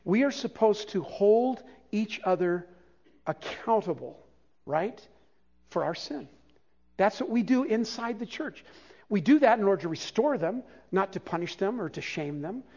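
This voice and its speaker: A high-pitched older man delivers a sermon from the pulpit, moving between quiet teaching and lively, joking asides. The recording is dull and lo-fi. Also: measured pace. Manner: animated, conversational preaching with self-deprecating humor. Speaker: pastor.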